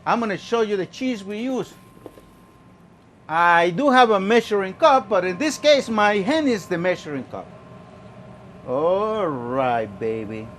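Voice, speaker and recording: A man's voice: sits high, lively intonation, unhurried, a bit bright, a little hiss or hum. A man hosting a home cooking show, chatting playfully through each step. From Mexico. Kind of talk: casual cooking demonstration.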